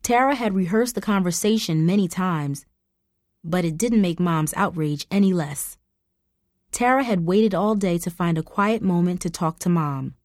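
A woman reading a story aloud as narrator, steady and even. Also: fairly low pitch, normal speed, dry recording, studio quality.

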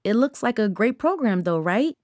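A woman's voice: fairly high pitch, very animated, normal speed, darkish tone, no echo, studio quality, voice pushed up. Woman reading as a nervous teenage girl. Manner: nervous, careful. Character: anxious, hesitant teenage girl.

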